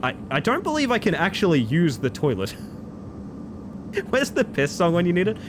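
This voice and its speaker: A man, chatting excitedly as he streams a game live. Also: sits high, normal speed, noisy background. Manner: excitable, chatty, bursts into loud exclamations. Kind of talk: live gameplay commentary.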